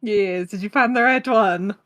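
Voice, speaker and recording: A woman's voice: mid-range voice, measured pace. A woman co-hosting a casual gaming podcast, giggling often as she explains things. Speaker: podcast co-host. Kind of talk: casual chat.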